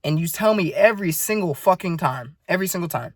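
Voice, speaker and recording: 19 yr old guy ranting in his vlog, swears a lot, kinda high voice, super dry close mic. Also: lively intonation, fast, dry recording. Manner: profane, earnest, rambling. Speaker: vlogger. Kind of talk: casual video diary rant.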